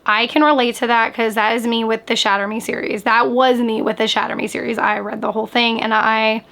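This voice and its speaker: A woman book vlogger in casual reaction chat, animated and chatty, sprinkling "like" through her talk. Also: on the high side, a little fast, vocal fry. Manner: chatty, animated, frequent "like" fillers.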